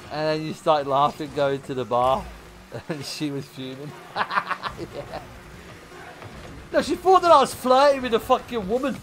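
A man's voice: fairly high pitch, expressive, a little slow, fairly bright tone, slight background noise. A man streaming, telling a profane story to chat and laughing often.

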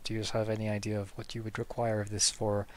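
A man playing a stern, weary woman who leads a city under threat, speaking in a measured, formal way. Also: fairly low pitch, completely flat delivery, a little mellow, pitched below the performer's own voice, natural voice. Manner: measured, formal, cornered but firm.

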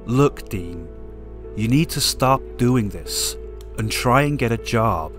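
A man's voice: mid-range voice, lively intonation, takes it slowly, soft background music. A man voicing a weary woman who bluntly confronts an old friend in a dramatic parody skit, with a put-on American accent.

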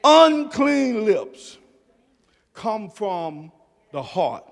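Brief: male pastor, sermon delivery, very high voice and slow pace, soft-to-shouting dynamics. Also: sing-song, gravelly, big-room sound. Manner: swings from soft low murmurs to shouted emphasis. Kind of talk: preaching a sermon. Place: church sanctuary.

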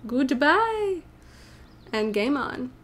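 Extremely slow and sing-song, her voice is high-pitched with a fairly bright tone. A young gaming channel host, she narrates a life-sim let's play from her room, chatty, wandering and upbeat, reacting aloud to the game.

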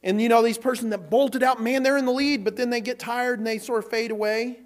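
A pastor delivers a lively sermon in church, acting out quotations and repeating words as he goes. His voice is very high and his pace a little fast.

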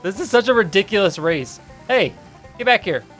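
A young man from the United States hosting his gaming channel, giving jokey let's-play commentary and bursting into yelps and shouts. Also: high-pitched, expressive, moderate pace, faint music behind.

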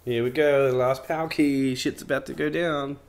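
A man's voice: mid-range voice, steady tone, normal speed. A man giving casual, jokey commentary while streaming a game, often mockingly repeating the characters' lines.

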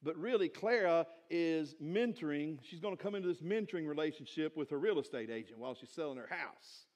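High-voiced pastor preaching. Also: male voice, a little fast. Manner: animated preaching with rhetorical questions. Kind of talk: sermon. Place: church sanctuary.

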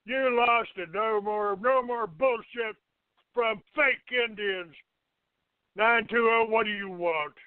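A man's voice: sits high, takes it slowly, smooth, no room sound. A man hosting a call-in show, hostile and profane, cursing and insulting callers. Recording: tinny phone-like audio.

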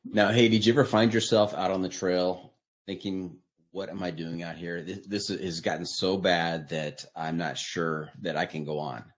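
Male podcast host, very low voice, relaxed and upbeat. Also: moderate pace. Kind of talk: interview host.

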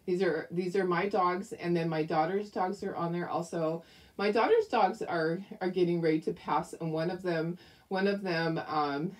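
A woman's voice: on the low side, darkish tone, breathy edge. A middle-aged woman hosting a crafting livestream, chatting casually and affectionately with viewers and greeting them by name.

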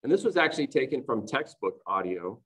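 A man in the middle of an online conference talk for teachers, his voice pitched squarely in the middle. He explains things in a chatty, running way and keeps checking in with "right?". It sounds like a computer mic over a video call. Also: big pitch swings, fairly quick, fairly bright tone, low-quality recording.

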